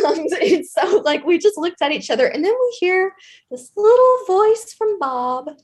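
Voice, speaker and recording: A woman with a Southern US accent telling a school story in a casual chat, animated and chatty with plenty of fillers. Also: very high-pitched, a little slow. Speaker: guest storyteller, former intervention specialist.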